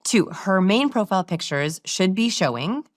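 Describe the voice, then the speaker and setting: A woman guest explaining body language in an interview, animated and sometimes acting out how others talk. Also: mid-range voice, moderate pace, no room sound, clean studio sound. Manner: animated, demonstrates voices while explaining.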